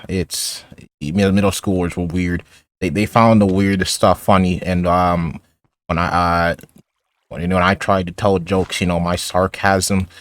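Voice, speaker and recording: A teenage boy with a low voice rambles through stories while he plays a game. He restarts his sentences often and drops in sarcastic asides. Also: no room sound. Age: teens. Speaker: gaming YouTuber. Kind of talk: casual commentary over gameplay.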